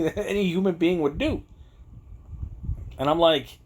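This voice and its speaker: A man's voice: high-pitched, moderate pace, a little mellow. A man vlogging a ranting monologue in a scornful, conspiratorial tone, chuckling often as he talks.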